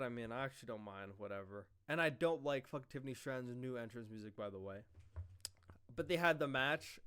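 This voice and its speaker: A young man casually recapping a wrestling show, excitable and full of fillers and swearing. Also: mid-range voice, clear, resonant tone. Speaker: wrestling review host.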